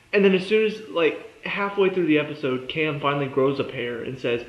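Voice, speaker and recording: A man's voice: fairly high pitch, steady tone, brisk, few pauses. A young man giving a casual, exasperated review of a TV episode, sarcastic and fond of mimicking the characters. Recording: echoey room, dull lo-fi sound.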